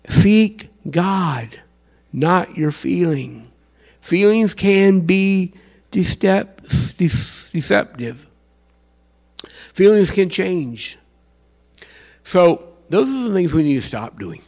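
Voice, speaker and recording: A man preaching a sermon in an animated way, acting out the voices of fans and worshippers. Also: high-pitched, slow pace, long pauses. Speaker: pastor.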